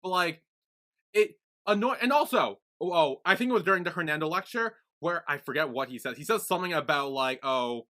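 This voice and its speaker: A young man co-hosting a podcast in casual chat, halting and teasing, often repeating words. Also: a little high, animated, bright, forceful tone. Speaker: podcast co-host.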